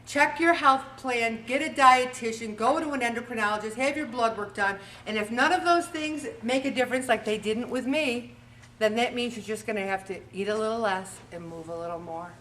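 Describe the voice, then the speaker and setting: Bright, animated woman host. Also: a little high, moderate pace, far from the mic, slight background noise. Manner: animated, acts out little scenes. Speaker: weight-loss show host. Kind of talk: motivational talk to a group.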